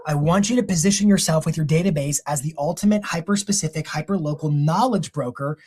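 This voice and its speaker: A man giving a live real estate marketing training, energetic and conversational, often correcting himself mid-sentence. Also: on the high side, quick pace, breathy edge.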